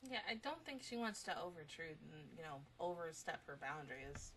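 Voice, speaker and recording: A woman's voice: sits low, very animated, moderate pace, fairly bright tone, a little hiss or hum. A young adult woman giving casual anime reaction commentary, talking affectionately to the characters on screen.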